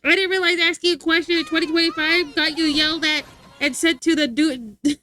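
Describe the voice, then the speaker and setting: A woman's voice: extremely high pitch, fairly even intonation, fairly quick, sharp tone, a little hiss or hum. A woman streaming live and chatting casually with her chat, playful and teasing, laughing often.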